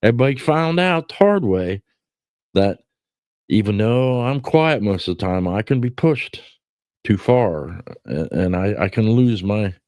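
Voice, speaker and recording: A man's voice: fairly low pitch, expressive, a little slow, darkish tone, no echo. A middle-aged man hosting a podcast, telling stories in a rambling, cursing way with lots of restarts. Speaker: podcast host. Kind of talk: casual chat.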